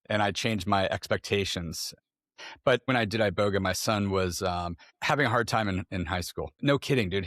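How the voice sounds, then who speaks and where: Middle-aged male guest, low register, dry close mic; loose, candid, casual. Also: fairly bright tone, no room sound. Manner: candid, loose, lots of fillers and slang. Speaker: podcast guest, entrepreneur. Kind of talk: casual conversation.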